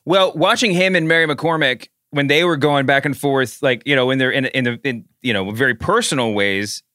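A podcast co-host from the American South chats casually in rambling bursts, often restarting his sentences. His medium-pitched voice sounds pushed and bright at normal speed, in a dry, clean studio recording.

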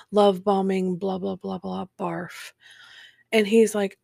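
A woman telling her own story in a candid, matter-of-fact way with dark humor. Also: mid-range voice, level tone, slow pace, creaky, long pauses, no room sound, clean studio sound. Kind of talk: personal storytelling, casual.

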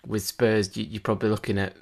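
A man's voice: on the low side, flat delivery, fast, gravelly, a little mellow. A man co-hosting a football podcast in loose, chatty talk with frequent restarts. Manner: rambling, many restarts and fillers. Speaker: podcast co-host. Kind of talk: casual football chat.

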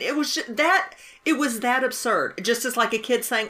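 A woman who teaches, talking casually about a film in a halting, emphatic way with many restarts. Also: fairly high pitch, expressive, bright, forceful tone, a little hiss or hum. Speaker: teacher and podcast co-host.

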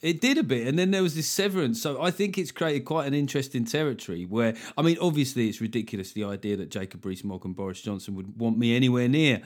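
Man, podcast host, comedian, jokey, laughs often, medium pitch. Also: quick pace, few pauses. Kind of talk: casual interview chat.

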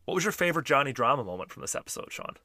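A man's voice: mid-range voice, sing-song, racing, sharp tone, no echo, clean studio sound. A man hosting a podcast, chatting casually and steering the talk with questions. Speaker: podcast host. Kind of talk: casual chat.

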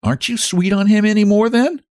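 A man's voice: sits high, brisk, darkish tone, dry recording, clean studio sound, pitched above the performer's own voice, natural voice. A man voicing a bold, blunt young woman who talks brashly, in a storybook reading. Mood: eager.

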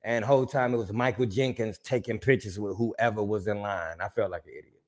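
A man's voice: lowish voice, fairly quick. A man co-hosting a casual podcast chat, telling stories with lots of swearing and acted-out quotes. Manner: animated storyteller, swears freely, acts out quotes. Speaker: podcast co-host.

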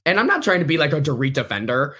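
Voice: medium pitch, sing-song, racing, sharp tone, breathy edge. A podcast host in casual pop-culture chat, talking in a chatty way, filling the talk with "like" and laughing often.

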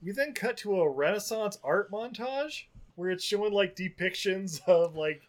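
A man's voice: high voice, lively intonation, moderate pace. A man co-hosting a podcast, recapping a movie in rambling, casual chat full of fillers. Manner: rambling, filler-heavy storytelling. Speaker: podcast co-host.

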